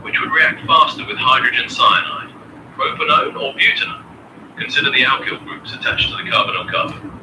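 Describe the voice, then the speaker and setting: A man's voice: mid-range voice, steady tone, fairly quick, reverberant, distant mic, noisy background. A computer voice of a man acting as a chemistry tutor, polite and formal as he quizzes a student.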